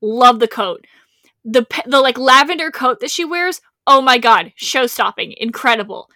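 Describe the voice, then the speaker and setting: Woman, podcast co-host, casual chat, gushing, sweary, bright, dry room. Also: a little high, animated, normal speed, dry recording.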